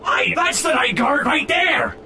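A man voicing a hot-tempered male pirate fox animatronic who shouts, curses and uses pirate talk in a cartoon. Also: extremely high pitch, unhurried, distant mic, slight background noise, full character voice. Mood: furious.

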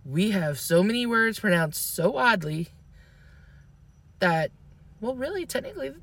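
A woman's voice: mid-range voice, sing-song, a little slow, fairly bright tone, dry recording. Chatty woman with a dry close sound. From American South. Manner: chatty, opinionated and playful. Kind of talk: casual chat.

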